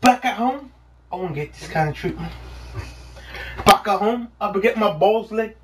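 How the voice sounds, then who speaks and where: A woman's voice: mid-range voice, animated, normal speed. A drunk woman bantering crudely with friends, swearing and putting on British slang. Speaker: friend joking at a party. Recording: distant home-camera audio with faint hiss.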